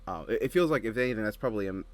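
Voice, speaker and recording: A man's voice: fairly low pitch, lively intonation, rapid-fire. A man with an Australian accent, co-hosting a casual reaction chat and rambling through his points. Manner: rambling, with frequent restarts and laughs. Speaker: co-host reacting to an episode.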